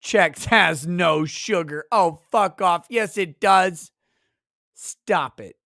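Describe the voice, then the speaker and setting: A man's voice: high voice, takes it slowly, vocal fry, bright, forceful tone, no room sound. Crude ranting man, dry sound. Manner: crude, mocking, exasperated. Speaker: livestream host. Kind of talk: casual profane rant.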